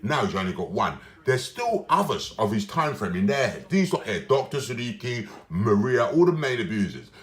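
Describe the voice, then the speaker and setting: Agitated man, rambling solo vlog rant with lively pitch, recorded in a roomy space. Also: normal speed, hardly any pauses. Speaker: vlogger. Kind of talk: rambling casual monologue. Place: indoors, his room. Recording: roomy echo.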